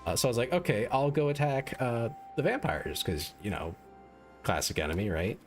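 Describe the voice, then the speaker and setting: A man streams a strategy game into a desk microphone, chatting casually and rambling in self-mocking fashion with plenty of "like" fillers. His mid-range voice is animated and moves at normal speed over soft background music.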